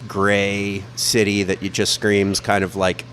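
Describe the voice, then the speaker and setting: A man telling a travel story in a casual podcast chat, animated and profane, with lots of "like" fillers. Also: on the low side, slow pace, slight background noise.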